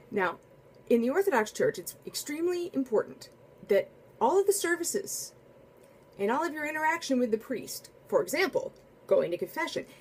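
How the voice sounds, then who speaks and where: A woman telling a casual spoken anecdote in a chatty, animated way, full of asides and restarts. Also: a little high, slight background noise. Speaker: storyteller.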